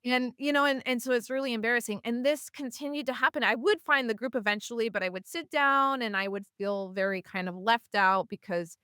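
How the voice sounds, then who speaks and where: Smooth-voiced woman telling a story. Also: a little high, brisk, few pauses, no room sound, clean studio sound. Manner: animated, acts out voices of people in her stories; chatty with many fillers. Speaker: podcast guest, community organizer. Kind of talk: casual storytelling in conversation.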